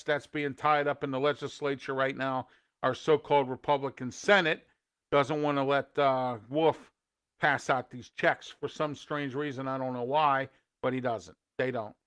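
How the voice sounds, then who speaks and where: A man's voice: on the high side, fairly bright tone, clean tone. A man hosting an opinion show, ranting and scolding indignantly at people he finds foolish. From Pittsburgh area. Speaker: host.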